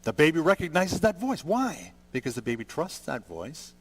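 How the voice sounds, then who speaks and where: A man in his sixties preaching a sermon, conversational and gentle, building to emphatic peaks. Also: fairly high pitch, big pitch swings, normal speed. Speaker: pastor.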